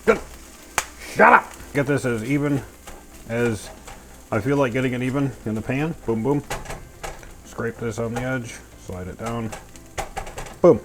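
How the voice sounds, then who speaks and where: A man's voice: mid-range voice, measured pace, long pauses, noisy background. A man cooking in his home kitchen and talking through each step in a goofy, chatty way, full of playful sound words. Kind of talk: casual cooking narration. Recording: music clearly under the voice. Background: music and clattering pans.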